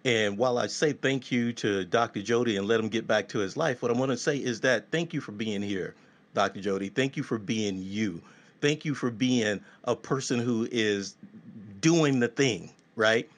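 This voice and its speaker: A man hosting a casual talk show, animated and jokey, repeating his thanks. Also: medium pitch, moderate pace. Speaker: show host.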